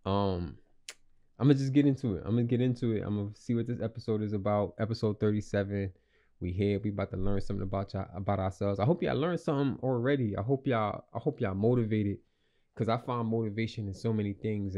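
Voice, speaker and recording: Low, mellow-voiced man rambling motivationally. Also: fairly quick. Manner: rambling, repeats himself, slangy and earnest. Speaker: podcast host. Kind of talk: casual motivational monologue.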